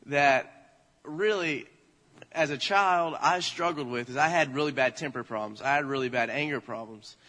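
A young man in his twenties preaching in church, telling a childhood story in an animated way. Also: on the high side. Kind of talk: sermon with personal story. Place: church hall. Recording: long church hall reverb.

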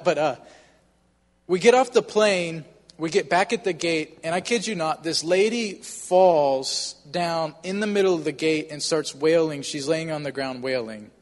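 A man's voice: a little high, long reverb tail. A man casually telling a personal story, with frequent fillers and a conversational, earnest manner. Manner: conversational, many fillers like "you know".

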